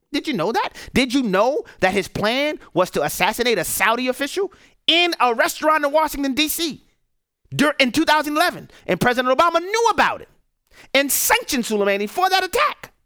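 A man's voice: extremely high pitch, pushed and bright, no echo, studio quality. Fired-up male radio talk host. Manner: emphatic, fired-up, rhetorical questions. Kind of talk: political commentary. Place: radio studio.

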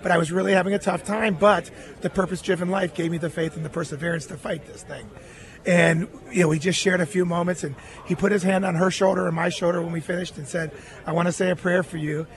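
High-voiced man telling an earnest story. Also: fairly even intonation, fast. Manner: earnest storytelling, quoting others in his own voice. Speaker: guest, former baseball catcher. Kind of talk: telling a personal story in a radio interview.

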